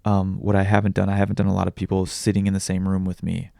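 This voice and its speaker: A young adult man talking candidly in a personal vlog, halting and confessional, swearing often. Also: sits low, monotone, creaky, mellow, dry recording, studio quality. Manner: raw, halting, confessional, with frequent swearing and restarts. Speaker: vlogger and podcaster.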